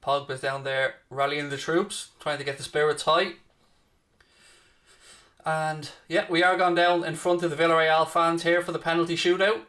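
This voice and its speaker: Young bloke doing a live football watchalong, bright voice, chatting to viewers by name. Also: male voice, a little high, level tone, normal speed. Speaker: watchalong host. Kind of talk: live stream commentary and chat.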